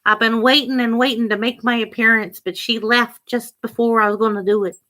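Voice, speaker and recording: A woman's voice: on the high side, fairly even intonation, brisk, bright, forceful tone. A woman speaking for her eager, impatient male pet dog, in a whiny, put-upon way.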